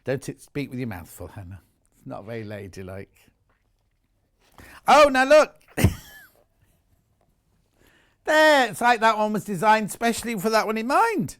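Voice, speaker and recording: A man's voice: high-pitched, big pitch swings, measured pace, pauses often, a bit bright. A middle-aged man presenting products live on a home shopping channel, chatty, enthusiastic and jokey about himself.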